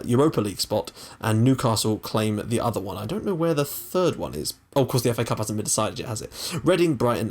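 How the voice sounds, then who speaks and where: A young man hosting a gaming channel, chatting casually and excitably over his game, with the odd swear. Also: medium pitch.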